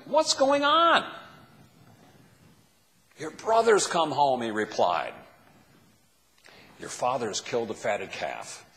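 A man preaching a sermon as a pastor, asking the listeners question after question. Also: medium pitch. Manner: asks the listeners many questions. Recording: long hall reverb.

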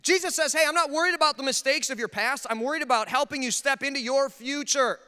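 A man's voice: very high voice, fast, sharp tone, big-room sound. A man preaching a sermon as pastor, telling humorous, self-deprecating stories about married life. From Minnesota. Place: church sanctuary.

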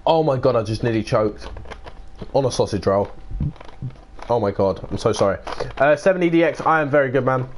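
A man's voice: medium pitch, a little fast, pauses often, a little hiss or hum. A nineteen-year-old British man live-streaming, casually chatting, answering viewers by name and swearing and grumbling as he plays. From United Kingdom. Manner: swears and grumbles while playing.

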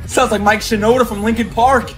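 A rapper giving excitable, swear-heavy commentary for a reaction video, with music playing faintly behind him. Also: male voice, high-pitched, a little fast. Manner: excitable, loud, swears constantly. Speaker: rapper reacting to anime themes.

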